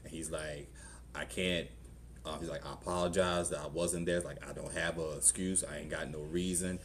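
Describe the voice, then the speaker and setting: A man's voice: extremely low pitch, fairly even intonation, normal speed, slight background noise. A middle-aged man with a Southern US accent, a pastor telling his own story in a conversational sermon and acting out the voices in it. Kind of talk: testimony sermon. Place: church.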